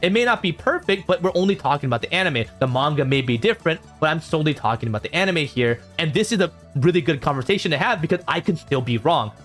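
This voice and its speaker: A man reacting to viewer comments in a casual vlog, reading them out and answering with animated exasperation. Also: fast, few pauses, soft background music. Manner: animated, jumps in pitch when exasperated.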